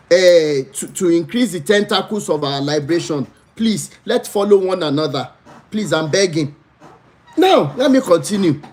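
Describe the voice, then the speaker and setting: A Nigerian man hosting a live stream, telling a personal story with big pitch swings and pleading with viewers to follow one another. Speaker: livestream host.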